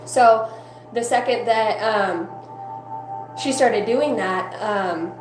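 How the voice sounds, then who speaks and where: A woman telling a personal spiritual testimony in a rambling, profane, excitable way. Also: fairly high pitch, slow pace, soft background music. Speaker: evangelist. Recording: roomy echo with faint hum.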